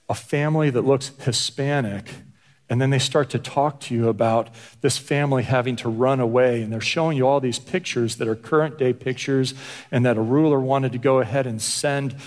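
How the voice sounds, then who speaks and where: A man's voice: medium pitch, moderate pace. Stammering male pastor preaching a sermon. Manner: stammering repetitions, conversational.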